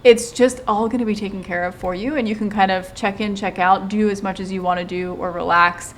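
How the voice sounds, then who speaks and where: A woman in casual conversation, chatty and animated, describing the retreat she hosts. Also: mid-range voice, fairly quick, slight background noise. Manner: chatty, animated when quoting others. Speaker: retreat host and channel co-host. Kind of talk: casual chat. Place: lives in Hawaii.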